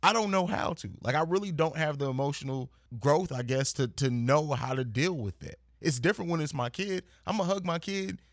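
A man's voice: fairly high pitch, animated, brisk, hardly any pauses, dry recording, studio quality. A man speaking as a podcast guest in casual, reflective chat, earnest and thoughtful. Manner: earnest, reflective, with frequent restarts.

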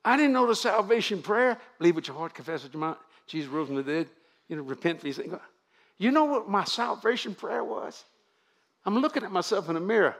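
An older man with a Louisiana Cajun drawl preaches in a folksy, animated way, spinning stories for a congregation. His voice sits a bit high and carries a gravelly rasp. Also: a little fast. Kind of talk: storytelling sermon to a congregation.

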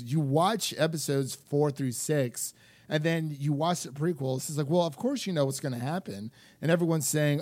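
Lively podcast guy with a dry mic. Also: a little high, moderate pace, no echo. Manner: animated, many fillers, acts out quotes. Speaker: podcast co-host. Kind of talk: casual chat.

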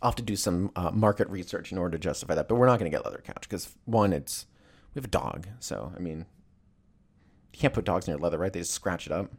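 A man with a low voice rants casually and comedically at a quick pace, rambling, swearing, and telling stories in an animated way.

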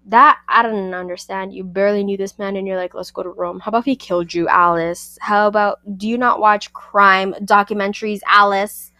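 Sassy lady ranting about a book on her podcast, dry close mic, middle pitch. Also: fairly quick, few pauses, clear, resonant tone, dry recording. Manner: sassy, animated, talks back to the characters. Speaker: book review podcast host. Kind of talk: casual spoken book review.

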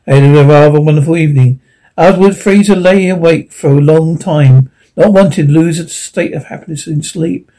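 A man narrating an audiobook in a steady storytelling manner. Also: a little high, moderate pace, rough recording.

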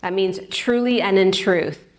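A woman's voice: mid-range voice, a little slow. A woman pastor preaching a sermon in a chatty way, repeating words for emphasis. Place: church.

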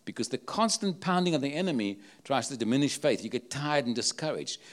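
A man's voice: mid-range voice, animated, fairly quick. A man with an accent preaching a sermon, emphatic and full of rhetorical questions. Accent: non-local accent.

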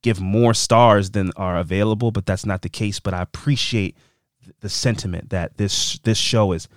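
A young man hosting a casual podcast, reading listener reviews in a playful, animated way that jumps between loud and soft. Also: on the low side, dry recording, studio quality. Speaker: podcast host.

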